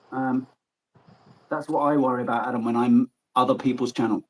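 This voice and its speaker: A man from Germany hosting a casual livestream chat, animated and joking, who swears freely. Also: mid-range voice, fairly quick, low-quality recording. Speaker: livestream host.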